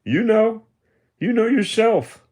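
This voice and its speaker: This livestream host, a man in his seventies, has a high-pitched, husky, somewhat dark voice and talks slowly but animatedly. He rants at his audience, taunting, accusing and going over the same points again.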